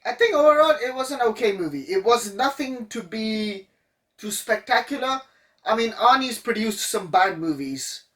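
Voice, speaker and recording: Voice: medium pitch, lively intonation, normal speed, fairly bright tone, distant mic. A co-host in casual chat, skeptical and dismissive of the film being praised. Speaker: co-host reviewing films.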